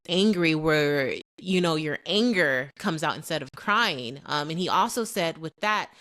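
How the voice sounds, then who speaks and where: Earnest low-voiced woman podcaster. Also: fairly bright tone. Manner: earnest and reflective. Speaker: podcast co-host. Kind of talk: casual chat.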